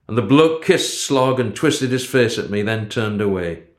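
A man reading a story aloud as narrator, in a measured, unhurried manner. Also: mid-range voice, lively intonation. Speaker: audiobook narrator. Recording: roomy echo.

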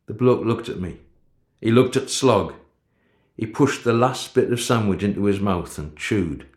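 A man reading a story aloud as narrator, in a measured, unhurried manner. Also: lowish voice, lively intonation, a little mellow. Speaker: audiobook narrator. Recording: roomy echo.

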